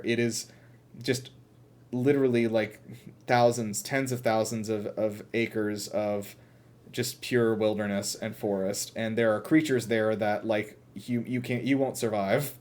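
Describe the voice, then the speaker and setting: A man's voice: lowish voice, fairly even intonation, measured pace, darkish tone. A young man co-hosting a casual podcast, rambling with lots of fillers and restarts. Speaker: podcast co-host. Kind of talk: casual chat.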